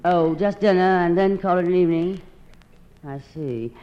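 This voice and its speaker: A woman with a husky, theatrical drawl doing a sardonic, self-mocking comic monologue as one side of a phone call. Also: fairly low pitch, normal speed. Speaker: comedienne. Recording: dull old recording with loud hiss.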